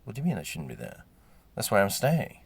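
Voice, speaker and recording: A man's voice: fairly low pitch, wildly swooping pitch, fairly quick, vocal fry, husky, exaggerated voice. A man voicing a sardonic, snobbish who mutters wry asides.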